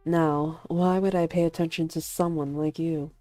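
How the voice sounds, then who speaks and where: A woman's voice: deep voice, fairly even intonation, normal speed, mellow, dry recording, faint music behind, natural voice. A woman voicing a cool, mocking star actor. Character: arrogant famous male actor, cool and mocking.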